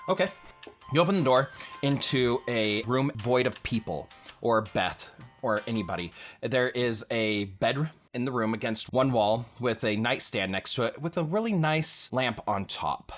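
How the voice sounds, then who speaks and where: A man's voice: mid-range voice, lively intonation, a bit bright, soft background music. Man narrating as game master. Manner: plain, unhurried scene narration.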